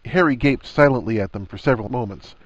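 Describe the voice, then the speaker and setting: A man reading a story aloud with expressive, melodic narration. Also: mid-range voice, quick pace, no echo, dull audio. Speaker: reader.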